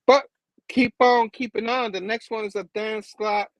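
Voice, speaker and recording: A man's voice: sits high, fairly even intonation, normal speed, a bit bright, no room sound, low-quality recording. A man co-hosting a casual comic chat, speaking in a laid-back way. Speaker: co-host.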